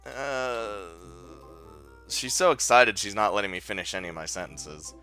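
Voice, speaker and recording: A man's voice: fairly low pitch, animated, moderate pace, sharp tone, faint music behind. A man playing a visual novel, reading the story aloud and adding casual, swearing commentary with laughs and restarts. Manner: casual, swears, laughs, breaks off mid-sentence. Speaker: let's play host.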